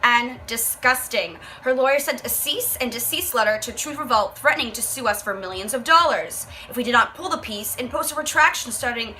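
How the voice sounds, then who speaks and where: A woman's voice: on the high side, brisk, few pauses, sharp tone, slight background noise, rough recording. A young woman vlogger reading a book aloud and reacting with profane, exasperated commentary. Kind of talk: casual rant, reading aloud.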